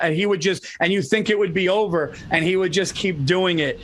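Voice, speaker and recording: A man's voice: sits high, fast, few pauses. A man on a video call telling stories in a profane, enthusiastic casual chat. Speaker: podcast co-host.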